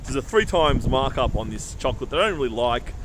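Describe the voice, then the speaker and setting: A man's voice: medium pitch, fast. An Australian man vlogging outdoors, chatting casually and acting out conversations as he tells stories. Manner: animated storyteller who acts out conversations. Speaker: travel vlogger. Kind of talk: casual travel vlog monologue. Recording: street noise and passing traffic.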